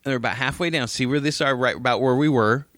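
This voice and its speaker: A man's voice: medium pitch, fast talker, no room sound. A man co-hosting a podcast, telling stories casually, swearing often and acting out what others said. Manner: animated storytelling, swearing, mimics others. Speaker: podcast co-host. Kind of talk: casual chat.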